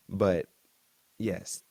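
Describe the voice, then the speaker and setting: A man's voice: lowish voice, animated, extremely slow, gravelly, a little mellow, breathy edge, no room sound. A man hosting a TV recap channel, chatting casually through the episode with slangy, joking asides. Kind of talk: casual recap and reaction commentary.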